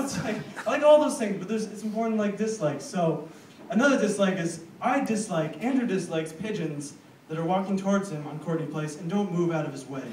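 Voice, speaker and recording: A young American man performing a rambling, animated stand-up set, acting out voices in his stories. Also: high voice. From United States. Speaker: stand-up comedian. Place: comedy club stage. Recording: roomy, distant live club recording with noise. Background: audience laughter.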